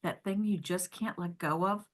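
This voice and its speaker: A podcast host chats enthusiastically with her guest in a casual interview, using plenty of "like" and "um." Her voice is on the low side, with fairly even intonation at normal speed.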